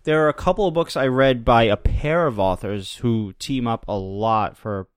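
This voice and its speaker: A male podcast co-host in casual chat, recorded dry and close with no room sound. He speaks in a measured, hesitant way, pausing and correcting himself. His voice sits at an ordinary middle pitch for a man. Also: clean tone, no room sound.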